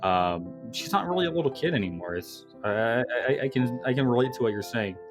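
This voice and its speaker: Podcast dude, blunt, laughs a lot, mid voice, music behind. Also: male voice, mid-range voice, expressive, fairly quick. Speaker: podcast co-host. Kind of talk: casual chat.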